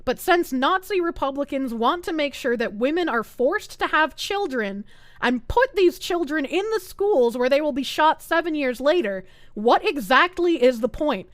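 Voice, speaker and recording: Woman, streamer, sarcastic profane rant, high voice, dry close sound. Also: expressive, moderate pace, fairly bright tone, dry recording. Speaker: Twitch streamer. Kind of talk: ranting live-stream commentary.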